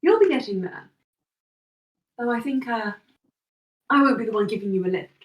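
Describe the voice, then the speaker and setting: A woman's voice: a little high, expressive, moderate pace, natural voice. Woman doing a smug fey dealer. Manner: teasing and offhand, bargaining. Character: smug, breezy fey traveler who deals in favors. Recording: echoey room, voice from off-mic.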